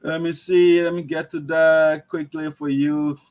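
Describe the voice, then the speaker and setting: Male host, slightly high voice, preachy livestream commentary. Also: flat delivery, measured pace, darkish tone. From Liberia. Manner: emphatic, lecturing, preachy. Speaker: host of an online talk show.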